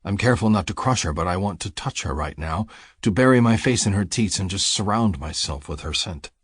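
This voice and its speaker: A man narrating an audiobook in the first person, reading in a low, intimate, measured way. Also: expressive, breathy edge, no echo, clean studio sound.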